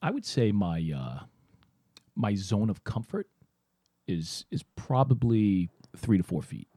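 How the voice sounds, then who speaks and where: Male podcast co-host, husky and dark-toned, lively pitch, crude teasing. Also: takes it slowly, no room sound, clean studio sound. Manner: crude, teasing, probing questions. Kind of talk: casual comedic chat.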